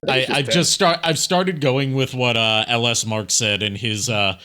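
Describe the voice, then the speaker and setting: A man's voice: medium pitch, fairly even intonation, a little slow, pushed and bright, clean tone. A man, a guest from the cast, chatting casually with wry jokes. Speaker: fan-series cast guest. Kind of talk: casual chat.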